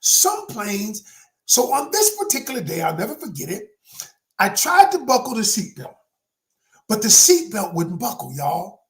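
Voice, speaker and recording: Guy coaching, big swoopy lively voice, dramatic storytelling, talks right at the crowd. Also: sits high, unhurried. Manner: emphatic, dramatic storyteller who addresses the audience directly. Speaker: relationship coach. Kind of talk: motivational talk with personal story.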